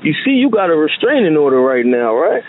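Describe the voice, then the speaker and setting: A man's voice: a little high, big pitch swings, a little fast. A man from New Jersey talking casually and emphatically on a phone call, with many restarts. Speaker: phone guest. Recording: tinny phone line with faint hiss.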